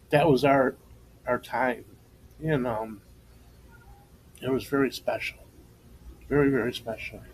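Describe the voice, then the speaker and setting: Man, middle-aged, podcast storyteller, laughs a lot, medium pitch. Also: darkish tone, low-quality recording. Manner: storytelling, laughs often, emotional tribute. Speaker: co-host and former coach. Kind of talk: casual podcast chat.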